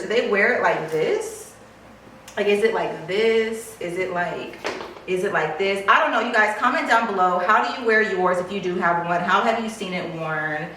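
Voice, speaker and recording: A woman filming an excited unboxing vlog, gushing and swearing as she squeals over her purchase. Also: lowish voice, very echoey, far from the mic, a little hiss or hum, low-quality recording. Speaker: luxury vlogger.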